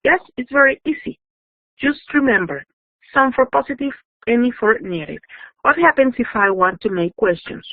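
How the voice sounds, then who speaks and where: A woman's voice: fairly high pitch, animated, normal speed, dry recording. A woman teaching an online grammar lesson. She checks in often with "yes?" and "okay?", and she is patient with her students. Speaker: English teacher. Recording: dry, phone-like narrow sound.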